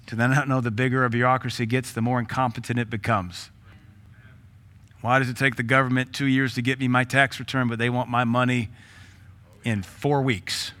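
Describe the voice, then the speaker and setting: Blunt, bright-voiced pastor preaching. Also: male voice, medium pitch. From Tennessee. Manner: blunt, humorous preaching with rhetorical questions; laughs between points. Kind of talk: sermon.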